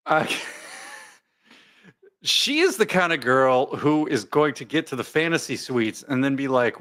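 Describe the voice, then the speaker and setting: Male streamer host, chatty and jokey, mid-pitched voice with a lively, bouncing delivery. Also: normal speed. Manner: jokey, rambling, reads viewer comments aloud. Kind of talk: casual live commentary chat.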